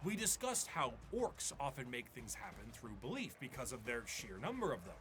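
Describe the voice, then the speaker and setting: A man reading scripted explainer narration with a measured, wry delivery. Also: mid-range voice, huge pitch swings, noisy background. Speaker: video narrator.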